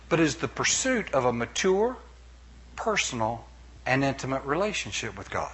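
Animated husky middle-aged male preacher. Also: medium pitch, normal speed. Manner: animated preaching with playful asides and acted-out quotes. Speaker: pastor. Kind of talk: sermon.

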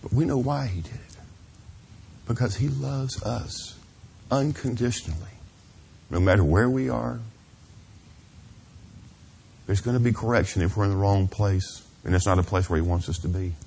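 A middle-aged man preaching a sermon in a church, earnest and confessional, asking "Amen?" of the congregation and dropping to a hushed near-whisper at tender moments. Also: on the low side, moderate pace, creaky, pauses often, slight background noise. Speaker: pastor.

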